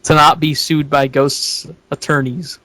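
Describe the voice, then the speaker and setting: A man's voice: a little high, flat delivery, unhurried, pushed and bright, no echo, low-quality recording. A man hosting a casual podcast, introducing guests in a laid-back, wry way. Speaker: podcast host.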